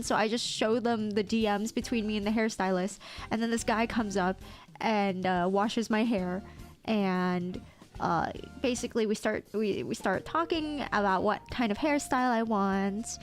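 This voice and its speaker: A woman's voice: mid-range voice, moderate pace, soft background music. A woman streamer chatting casually, telling a story with lots of fillers and stammers.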